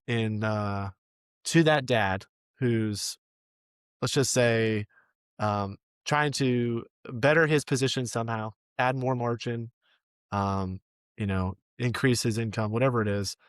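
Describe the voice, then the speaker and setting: A male podcast host with a mid-range voice wraps up the conversation in a reflective, searching way, often pausing with ums. His voice sits close and dry on the mic. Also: mid-range voice, a bit bright, clear, resonant tone, no room sound. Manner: reflective, many ums and pauses. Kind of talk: casual interview.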